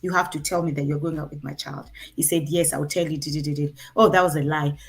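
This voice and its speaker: Animated Kenyan woman telling a story. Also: low voice, quick pace, vocal fry, husky. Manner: animated, acts out quotes in her story. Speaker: guest sharing a parenting story. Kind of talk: storytelling in a conversation.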